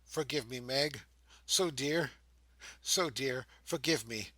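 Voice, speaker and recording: A man's voice: mid-range voice, takes it slowly, pushed and bright, no echo, low-quality recording. A man reading an audiobook, voicing a fallen young woman who pleads with tremulous grief. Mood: anguished.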